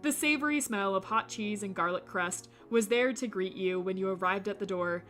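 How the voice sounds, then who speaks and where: A woman streamer reading a visual novel aloud, breaking off for animated, jokey commentary. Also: mid-range voice, moderate pace, faint music behind. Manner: animated, jokey asides with laughter.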